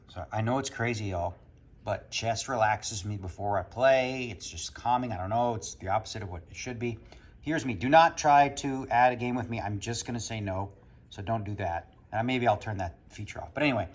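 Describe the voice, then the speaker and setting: A man's voice: medium pitch, breathy edge. A man chatting casually to camera in a home vlog, joking as he goes, with a little wind and noise behind him. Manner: chatty, joking, talks to his dogs. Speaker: vlogger, poker player. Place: home, backyard and indoors.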